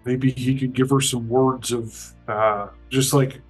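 A man's voice: mid-range voice, fairly even intonation, takes it slowly, hardly any pauses, husky, faint music behind, rough recording. A man playing in a tabletop game, making tentative, offhand suggestions. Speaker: player.

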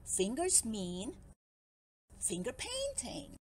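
A woman's voice: a little high, huge pitch swings, drawn-out words, heavy background noise, full character voice. A woman voicing a cheerful male fish in a read-aloud storybook, bubbly and enthusiastic. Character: cheerful male fish with fingers, playful show-off.

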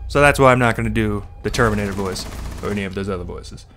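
Bright-voiced joking male streamer. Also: on the low side, quick pace, soft background music. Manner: joking, excitable, swears freely. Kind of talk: casual gaming chat.

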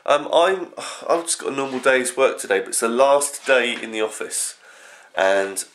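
A young man rambling through a casual early morning vlog at home, his voice groggy and croaky from just getting up. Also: medium pitch, animated, moderate pace, fairly bright tone, a little hiss or hum. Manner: rambling, scattered. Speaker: vlogger.

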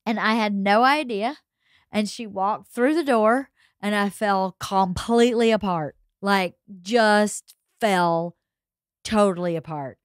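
A middle-aged woman with a Southern US accent, hosting a podcast and telling stories in casual chat, lively and quick to laugh. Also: mid-range voice, dry recording, studio quality. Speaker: podcast host.

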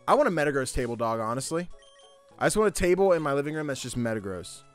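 A man's voice: fairly high pitch, very animated, fast talker, soft background music. A man chatting casually while streaming a video game, playful and laughing, swearing now and then. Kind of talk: casual gameplay chat.

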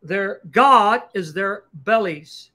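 A man hosting a livestream Q&A and explaining grammar point by point in a fast, emphatic, combative lecturing style. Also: high-pitched, animated, bright, forceful tone. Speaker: Christian apologist host. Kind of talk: livestream teaching Q&A.

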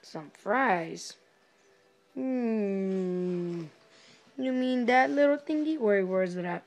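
A woman improvising a comedy role-play as a sassy fast-food cashier, taunting customers in sing-song greetings and low mutters. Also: lively intonation, a little mellow, muffled recording.

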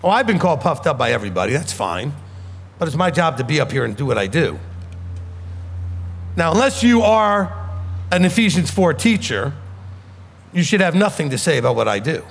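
A man's voice: a little high, sing-song, moderate pace, gravelly, long pauses, slightly rough, long reverb tail. A man with a New York accent preaching a sermon as a rabbi, blunt and emphatic.

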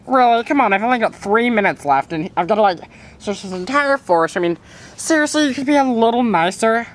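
A woman voicing an excitable player character in a fan-made puppet drama. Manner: excitable, quick shifts in pitch.

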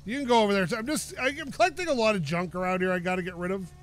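A young gaming YouTuber with a high voice races through casual let's-play commentary, narrating his own gameplay, talking to himself, and swearing when he gets frustrated.

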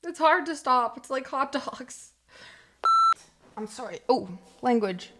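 A woman's voice: high-pitched, lively intonation, slow, fairly bright tone. A woman streamer chatting casually on a livestream and laughing often. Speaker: Twitch streamer.

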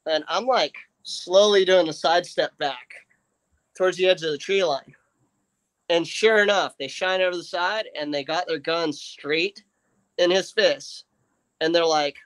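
A man with a somewhat high voice tells a long story in loose, casual chat. He rambles with lots of fillers and restarts and slips into his friends' voices as he goes. The sound is dry and close. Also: a little slow, no echo. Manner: animated, acts out friends' lines. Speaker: livestream guest telling a story.

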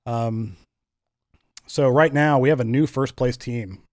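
A man's voice: medium pitch, slow, dry recording, studio quality. Laid-back young man hosting fantasy football chat. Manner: laid-back, joking, runs the segments. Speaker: podcast host.

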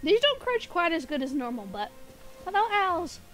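A woman's voice: sits high, sing-song, faint music behind. A woman live-streaming a game from home, chatting playfully and giggling, a little sniffly and groggy. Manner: playful and giggly, quick asides. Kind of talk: casual live-stream chat.

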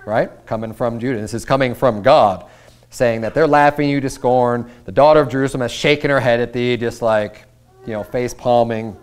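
A man's voice: medium pitch, moderate pace. A male pastor preaching a sermon, reading scripture and retelling it in casual, conversational asides. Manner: paraphrases scripture in casual speech, with quiet asides and raised Bible readings.

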